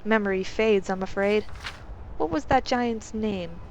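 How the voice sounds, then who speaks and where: A woman voicing a stern, probing male guard captain who asks measured questions. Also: mid-range voice, slight background noise, natural voice, rough recording.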